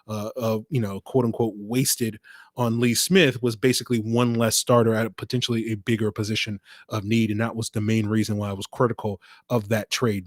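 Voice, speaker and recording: A man's voice: on the low side, no room sound. Dry-voiced man hosting a sports podcast. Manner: conversational, many fillers, dry sarcasm. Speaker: podcast host. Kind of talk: solo sports podcast commentary.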